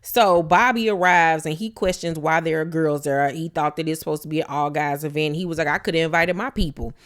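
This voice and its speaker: A woman's voice: deep voice, fairly even intonation, fairly quick. A woman casually recapping a reality show, blunt and profane, slipping into quoted voices as she retells scenes.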